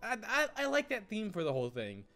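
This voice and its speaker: Lively, giggly let's-play host. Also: male voice, high voice, a little fast, soft background music. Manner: giggly, rambling, easily sidetracked. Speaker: gaming channel host.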